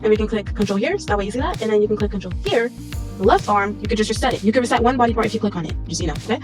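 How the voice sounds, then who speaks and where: A woman's voice: medium pitch, lively intonation, racing, over music. A young woman talking through a casual game tutorial, chatty and rambling, with a giggly streak. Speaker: Minecraft tutorial YouTuber. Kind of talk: casual screen-recorded tutorial.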